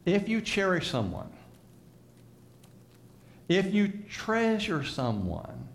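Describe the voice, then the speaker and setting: A man's voice: high voice, wildly swooping pitch, takes it slowly, gravelly. A man preaching to a congregation, conversational and teasing, leading them in repeated call-and-response phrases. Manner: conversational, teasing asides to listeners. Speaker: pastor. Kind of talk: sermon.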